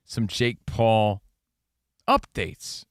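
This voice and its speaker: A man's voice: extremely slow, clean tone, no echo, clean studio sound. A middle-aged man co-hosting a sports radio show, bantering and reading show plugs. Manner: promo-style plugs, expressive pitch swings. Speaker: co-host.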